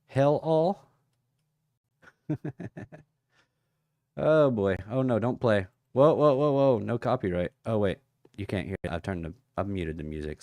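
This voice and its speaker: A man's voice: lowish voice, darkish tone, no room sound. A man hosting a casual livestream, chatting with viewers and reading out their comments while talking through charts. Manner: chatty, reads out viewer comments and thinks aloud. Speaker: crypto livestream host.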